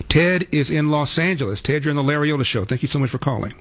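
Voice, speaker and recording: A man hosting a radio talk show, reading an ad and taking calls in a brisk, confident way. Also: a little high, lively intonation.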